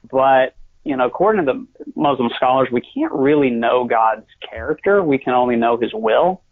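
American man, gravelly, earnest and measured, phone-quality audio. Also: medium pitch. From United States. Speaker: guest author. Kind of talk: conversational interview. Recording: tinny phone-line audio.

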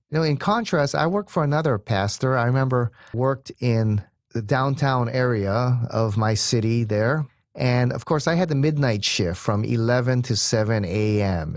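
Male pastor, mid pitch, dry close studio sound, chatty storytelling sermon with frequent asides. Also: no room sound. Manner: conversational, frequent "you know" asides. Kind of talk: radio sermon with personal stories.

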